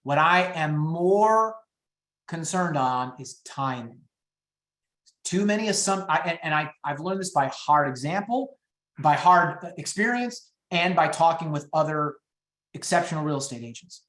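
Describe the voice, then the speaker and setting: A middle-aged man leading a real estate training session, talking in an upbeat, high-energy way and moving quickly through his points. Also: expressive, a bit bright, reverberant. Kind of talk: training webinar talk.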